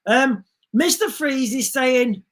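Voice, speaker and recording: A man with a very high-pitched voice talks slowly on a casual livestream, reading out comments. He's chatty and rambling, frequently starting over and breaking into animated asides.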